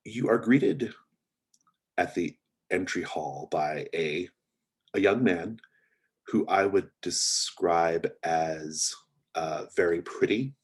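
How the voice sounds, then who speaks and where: Man, game master, deep voice, husky, rambling narration. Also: takes it slowly, long pauses. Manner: rambling, many fillers and restarts.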